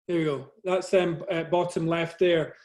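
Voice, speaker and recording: A middle-aged man from Scotland with a soft Scottish accent, giving a modest, conversational talk about his photography over a video call. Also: a little high, fairly even intonation, moderate pace. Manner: modest, conversational, self-deprecating. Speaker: guest speaker, photographer.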